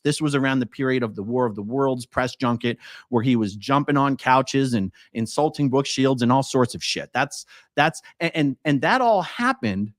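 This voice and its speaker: A man's voice: medium pitch, no echo, studio quality. A man hosting a casual live stream, reading a transcript aloud and adding chatty, wry asides to his viewers. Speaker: YouTube host. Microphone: own studio mic checked before streaming.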